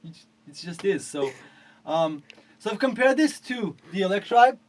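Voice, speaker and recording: A man with a fairly high voice delivers a rambling review of a piece of gear. His speech is loose and full of fillers, and he shifts from low mutters to exasperated, swearing outbursts. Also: lively intonation, normal speed, slight background noise. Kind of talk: ranting product review.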